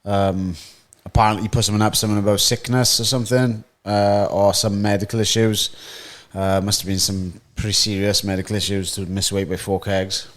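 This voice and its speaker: Laid-back Welshman with a low voice. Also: little pitch movement, a little fast, few pauses. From Wales. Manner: swears a lot, laid-back banter. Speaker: podcast co-host, fighter. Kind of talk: casual chat.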